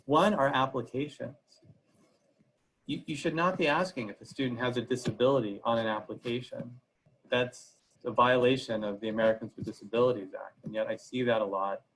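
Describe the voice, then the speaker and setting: A man's voice: mid-range voice, steady tone, brisk, a bit bright, slight background noise, rough recording. A man giving a legal presentation on a video call, speaking conversationally with frequent "uh" fillers. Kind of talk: webinar presentation.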